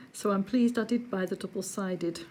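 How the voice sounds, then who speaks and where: A woman chatting casually while she does a craft project at home, rambling along with little hushed asides. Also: mid-range voice. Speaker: crafting vlogger. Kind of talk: casual chat while diamond painting.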